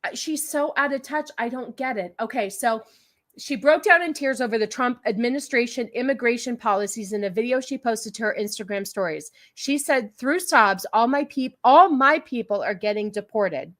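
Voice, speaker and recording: A woman's voice: fairly high pitch, moderate pace, fairly bright tone. A woman hosting a casual livestream podcast, talking in a sarcastic, mocking way and laughing often. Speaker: podcast host.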